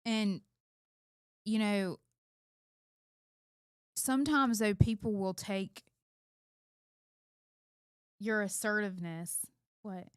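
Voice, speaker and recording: A middle-aged woman co-hosts a casual conversation and speaks in an emphatic, candid, self-reflective way. Her voice is smooth and resonant, and the recording is dry with no room sound. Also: mid-range voice, drawn-out words, pauses often, no room sound. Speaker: co-host, mother of two. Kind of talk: casual chat.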